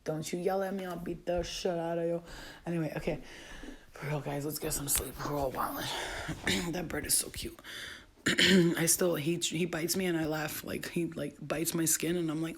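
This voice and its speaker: A woman's voice: low voice, fairly even intonation, moderate pace, bright, forceful tone, a little hiss or hum. A woman who sells spiritual healing boxes, chatting casually and affectionately on a late-night livestream from home, full of slang and swearing.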